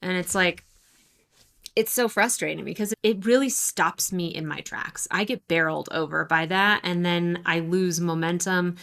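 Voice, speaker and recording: A woman's voice: lowish voice, normal speed, gravelly, a bit bright. A woman in her thirties co-hosting a podcast, chatting candidly and self-deprecatingly about her writing doubts. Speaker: podcast co-host. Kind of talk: casual chat.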